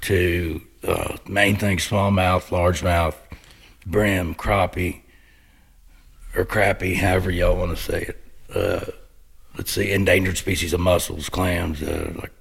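Gravelly deep-voiced man. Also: flat delivery, unhurried. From Missouri, USA. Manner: laid-back storyteller, rambling with fillers. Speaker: guest. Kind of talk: casual podcast chat.

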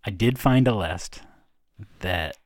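A woman's voice: expressive, darkish tone, dry recording, clean studio sound. A woman co-hosting a podcast, chatting casually with lots of fillers and restarts. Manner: low-pitched, halting, many fillers. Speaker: podcast co-host. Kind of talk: casual chat.

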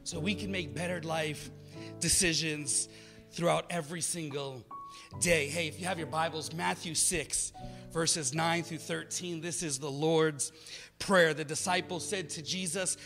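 High, bright-voiced man preaching a sermon. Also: steady tone, unhurried, long reverb tail, soft background music. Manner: preaching, builds from soft to loud and emphatic. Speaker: pastor.

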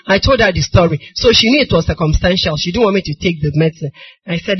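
A middle-aged woman with a Nigerian accent preaching a sermon, moving from soft storytelling to crying, shouted appeals. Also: on the low side, lively intonation, fast talker, slightly rough. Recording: dull lo-fi recording.

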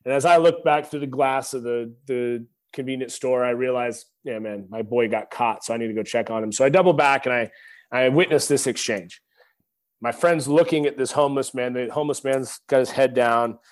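A man's voice: mid-range voice, fairly even intonation, fairly quick. A man in his thirties, a former football linebacker, sharing an earnest, preacher-like story as a podcast guest, speaking to listeners as y'all. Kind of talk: reflective storytelling.

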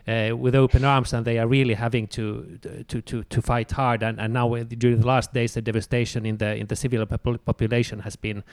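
A man's voice: medium pitch, creaky, darkish tone, no room sound. A man interviewing a guest, stammering and repeating words as he asks questions.

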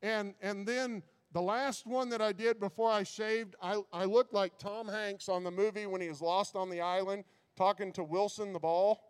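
High-voiced preacher, repeating himself. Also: male voice, steady tone, moderate pace, hardly any pauses, clean tone. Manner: repeats words, builds to impassioned preaching. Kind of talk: sermon.

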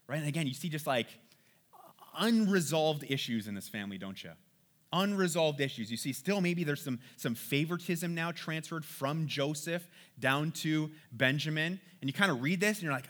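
A man with a bright, forceful, slightly high voice leads a Bible study. He reads passages aloud, then breaks off to comment in an easy, chatty way and keeps asking his listeners if they follow. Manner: reads scripture aloud, then comments casually, often asks "right?". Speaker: Bible teacher. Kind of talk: conversational Bible teaching.

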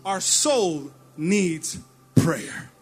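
A male pastor with a fairly high voice preaching in a church. He tells lively stories and laughs at himself along the way. Soft music plays underneath. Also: extremely slow, husky. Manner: animated storytelling, laughing at himself. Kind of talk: sermon.

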